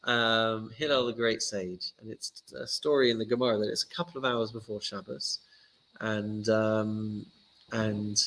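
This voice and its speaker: A man, a rabbi giving a casual teaching talk and telling stories lively, acting out the characters. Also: lowish voice, a little slow, low-quality recording.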